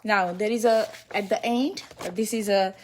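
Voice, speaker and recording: A woman's voice: mid-range voice, fairly even intonation, unhurried, a little hiss or hum. A woman Ayurvedic physician in a one-on-one consultation, giving instructions, repeating the key points and laughing easily with her client.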